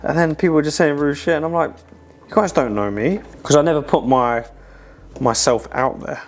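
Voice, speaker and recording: A man's voice: a little high, normal speed. A man, chatting casually in a cooking vlog, sweary, rambling and self-mocking in a home kitchen. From England. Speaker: pro fighter cooking on his channel.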